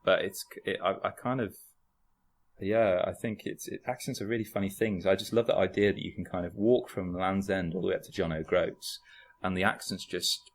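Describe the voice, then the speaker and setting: A young man from Birmingham with a Birmingham accent, chatting casually as a podcast guest, lively and hesitant with many restarts. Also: deep voice, a little fast. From Birmingham, England. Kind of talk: casual chat.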